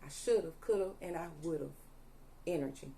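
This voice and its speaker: In a low, creaky, dark-toned voice, a little slow, a young tarot reader reads cards to her viewers over a little hiss or hum. She's emphatic and repetitive, saying "allegedly" repeatedly and often asking "okay?", and sometimes she sounds angry.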